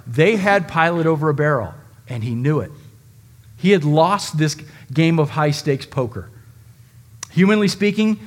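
Dramatic male preacher, slightly high voice. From United States. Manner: dramatic, acting out quoted speech with shifting volume. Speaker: pastor. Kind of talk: sermon.

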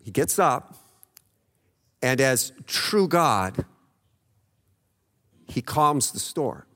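A man's voice: medium pitch, big pitch swings, very slow, pushed and bright, in a large hall. A man preaching a sermon, retelling a Bible story in a conversational way, often checking in with "okay?" and acting out the voices in it. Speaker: pastor.

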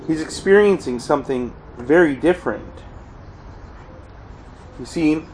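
A man preaching a sermon, earnest, often crying out quoted pleas loudly. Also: medium pitch, expressive, slow pace, slight background noise, rough recording. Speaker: pastor.

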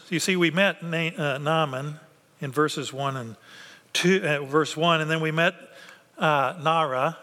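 A man preaching a sermon in a lively way, acting out the voices of biblical characters. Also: a little high. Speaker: pastor. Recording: long hall reverb.

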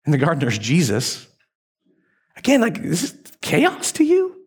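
A male pastor preaching a sermon, retelling a story in a lively, conversational way. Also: a little high, normal speed, husky.

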